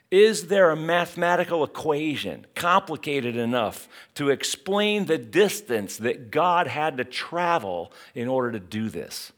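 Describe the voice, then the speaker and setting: A middle-aged man delivers a sermon in a slow, unhurried cadence. His voice rises and falls with wide, lively swings of pitch. He leans into rhetorical questions with emphatic, dramatic force. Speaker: pastor.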